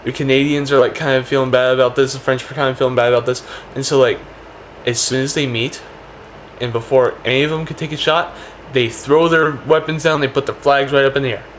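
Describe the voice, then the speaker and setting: A man's voice: medium pitch, fairly even intonation, slight background noise. Man rambling through a comic monologue. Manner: rapid, full of "like" and "check this out".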